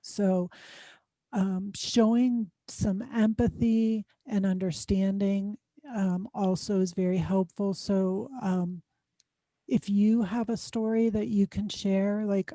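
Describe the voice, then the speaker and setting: A woman's voice: mid-range voice, level tone, slow, dark tone, no echo. A woman speaking as a guest expert in an interview, explaining advice conversationally with frequent "um" fillers. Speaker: guest expert on student success.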